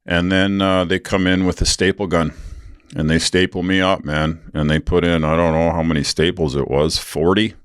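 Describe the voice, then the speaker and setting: Very deep-voiced man telling a wild story. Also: little pitch movement, moderate pace, smooth, no room sound, studio quality. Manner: rambling, profane, lots of fillers; acts out other people's lines in a raised voice. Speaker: podcast host. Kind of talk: casual storytelling.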